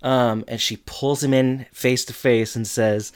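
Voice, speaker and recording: A woman chatting casually on a podcast, recapping a TV episode and jumping her voice up high for quoted lines. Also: a little slow, clear, resonant tone. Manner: lively, jumps pitch for quoted lines.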